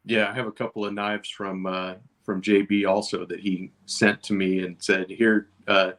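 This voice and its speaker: Man, lowish voice, easygoing guest, casual chat, lots of uh and you know. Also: little pitch movement, normal speed, fairly bright tone.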